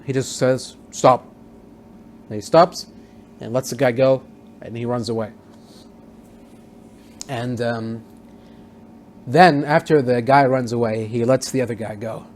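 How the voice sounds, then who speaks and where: A man's voice: medium pitch, steady tone, a little slow, pauses often, a little mellow, slight background noise. A man casually recapping a TV episode as a reviewer, rambling with many fillers and restarts. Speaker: TV show reviewer.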